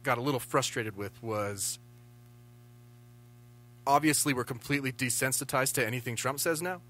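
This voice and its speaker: Brief: male podcast co-host, bright voice, mid pitch, animated casual political talk. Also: moderate pace. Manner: animated, opinionated, swears freely.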